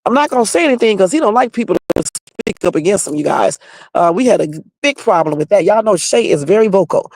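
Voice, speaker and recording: Gravelly-voiced woman ranting on a livestream. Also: medium pitch, expressive, fast, darkish tone. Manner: blunt, confrontational, addresses viewers directly. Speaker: livestream host. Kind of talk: livestream rant to viewers. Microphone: home livestream setup.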